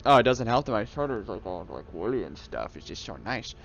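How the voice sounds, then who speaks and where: A man's voice: on the low side, sing-song, a little fast, dull audio. A young man talking casually about games he loves, rambling and enthusiastic, often restarting his sentences. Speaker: YouTube gamer. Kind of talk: casual reflective monologue. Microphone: headset.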